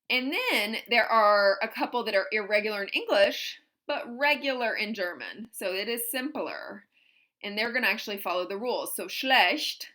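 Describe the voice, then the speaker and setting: A woman's voice: mid-range voice, bright, forceful tone. A woman teaching a German grammar lesson in English, patiently explaining step by step with examples.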